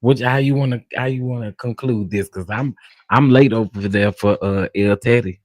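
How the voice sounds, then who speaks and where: A man's voice: medium pitch, normal speed, darkish tone, no echo. Folksy Texas-accented male stream host. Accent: Southern US, Texas. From West Texas. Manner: chatty, laughs often, folksy slang. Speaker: host of a live panel stream. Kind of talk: casual live-stream chat.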